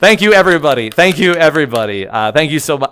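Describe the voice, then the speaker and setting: A young man live-streaming and chatting with his viewers, loud and excitable, joking at his own expense and bursting into yells. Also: a little high, fast talker, smooth. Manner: joking, self-mocking banter with chat. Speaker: livestreamer.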